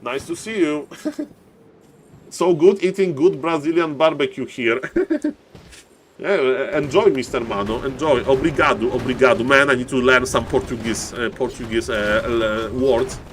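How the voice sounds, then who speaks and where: A man casting a strategy game live on stream, excitable and chatty, often shouting with excitement and thanking viewers by name. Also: measured pace, a little hiss or hum. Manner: excitable, repeats "ladies and gentlemen", bursts into high-pitched shouts. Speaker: game caster. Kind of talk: live-streamed esports commentary.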